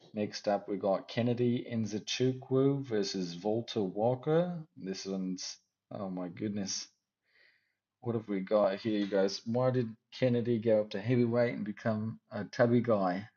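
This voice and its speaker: A man's voice: fairly low pitch, darkish tone, highs cut off. A man hosting his own channel, casually rambling through fight predictions with jokes, tacking "eh?" and "what can you do" onto his remarks. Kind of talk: casual solo fight-pick commentary.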